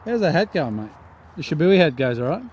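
A man's voice: on the high side, a little fast. An Australian man bantering and teasing his playing partners during a round of golf, recorded outdoors. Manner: joking, teasing. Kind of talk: casual banter on a golf course. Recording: outdoor ambience with steady background noise.

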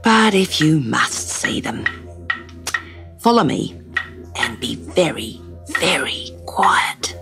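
A woman voicing a gentle, brave mother kangaroo on a storybook tape, with a hushed and warning murmur. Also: low-pitched, very animated, slow pace, gravelly, pauses often, exaggerated voice. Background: soft story music.

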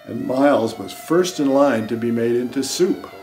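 A man reading aloud his own children's picture book, slowly and expressively, slipping into the characters' lines. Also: mid-range voice, a little mellow. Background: saxophone music.

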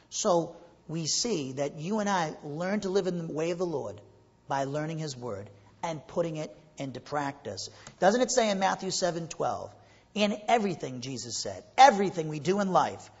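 Husky-voiced man preaching in a reverberant hall. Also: fairly high pitch. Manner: earnest preaching, rising to emphatic peaks with rhetorical questions. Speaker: pastor. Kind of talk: sermon. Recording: muffled recording with long hall reverb.

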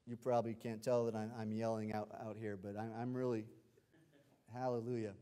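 A male pastor with a medium-pitched voice delivers a livestreamed sermon, shifting from quiet explanation to loud, excited shouts of hallelujah.

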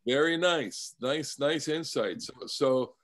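A man's voice: medium pitch, expressive, slow, a bit bright. A male rabbi teaching a scripture class over a video call, explaining animatedly and often repeating words. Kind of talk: Torah lesson with discussion.

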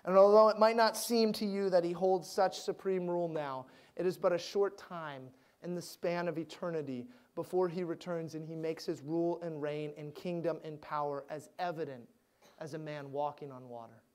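A man's voice: fairly high pitch, fairly even intonation, moderate pace, clean tone. Man preaching with dramatic dynamics. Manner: dynamic preaching, swinging from loud emphasis to near-hushed. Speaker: pastor. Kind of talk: sermon.

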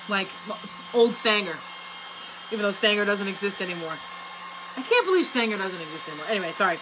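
A woman chatting casually while she crafts, rambling from one topic to another and laughing often. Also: a little high. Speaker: craft vlogger. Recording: loud hair dryer noise.

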